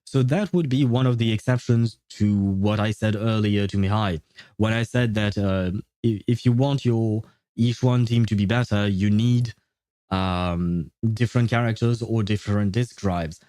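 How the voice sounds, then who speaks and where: Mellow-voiced man streamer with a French accent. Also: lowish voice, unhurried, no room sound, studio quality. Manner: rambling, self-correcting, laughs often. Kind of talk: casual livestream chat.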